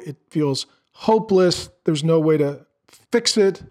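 A man's voice: on the high side, a little slow, dark tone. A middle-aged man preaching a sermon in an earnest, conversational way, asking the listeners questions. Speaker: pastor.

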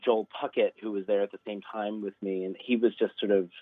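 A man calling into a radio talk show over a tinny phone line, his voice on the low side. He rambles casually, full of fillers and self-deprecating asides. The phone sound is thin and dry. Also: steady tone, quick pace, no echo. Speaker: guest composer. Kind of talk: casual interview.

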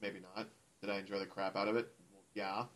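A man's voice: on the low side, little pitch movement, fast, a bit bright. A young man in a casual group chat who argues his opinions at length, with a lot of likes. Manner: argumentative, explains at length with many likes. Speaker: anime podcast co-host.

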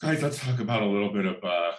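A man's voice: fairly low pitch, animated, fast talker. A man doing a sassy, profane comedic rant, campy and full of exaggerated outbursts, recorded in an echoey room. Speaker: vlogger.

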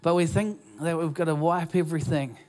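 This pastor, who has a New Zealand accent, preaches through a stage microphone in a church auditorium. His fairly high, darkish voice moves a little fast with fairly even intonation, and his casual, self-deprecating sermon is full of restarts.

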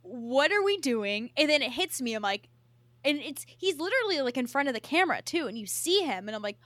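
A woman co-hosting a podcast in casual chat, excited and full of "like" fillers and swearing. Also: high voice, fast, no echo. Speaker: podcast co-host.

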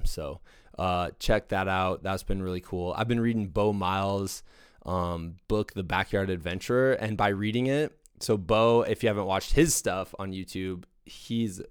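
Deep-voiced enthusiastic man, rambling. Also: smooth, no room sound, clean studio sound. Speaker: podcast host. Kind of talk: casual monologue.

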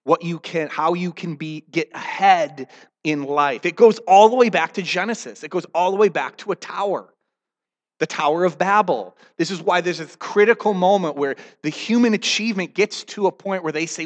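A man preaching a sermon as pastor, animated, telling the story and acting out the quotes. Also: a little high, moderate pace, in a large hall. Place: church.

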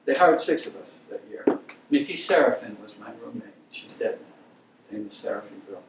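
A man's voice: mid-range voice, expressive, normal speed, vocal fry, distant mic, a little hiss or hum. An older man giving a guest lecture, telling blunt, opinionated stories from his career to an audience. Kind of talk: lecture with anecdotes. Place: lecture hall. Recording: echoey hall, speaker off-mic.

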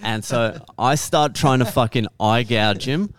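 A man's voice: mid-range voice, measured pace, noisy background. A young man on a podcast telling a story in casual talk, swearing constantly and laughing now and then.

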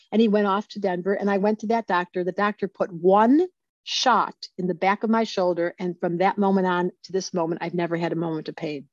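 A woman's voice: fairly low pitch, a little fast, dry recording. Muffled woman in her sixties, telling a story. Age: 60s. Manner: animated storyteller who acts out quoted speech. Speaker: astrologer guest. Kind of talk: casual interview storytelling.

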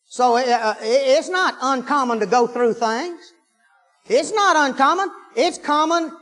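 A man with an extremely high, fairly bright voice preaches a sermon at an unhurried pace, telling folksy stories that rise into fervent hallelujahs. Faint music plays behind him, and the recording carries a long hall reverb.

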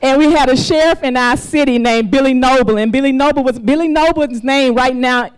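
A woman's voice: high voice, brisk, smooth, poor audio. A woman in her fifties from Mississippi tells a personal story to a live audience, laughing often and acting out the voices she quotes. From US South, Mississippi. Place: stage before a live audience.

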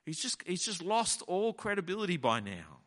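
A male preacher delivers a sermon, his bright voice leaping up and down as he acts out the lines he quotes. A long reverb hangs behind him, as if he is in a large hall. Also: high-pitched, huge pitch swings, moderate pace.

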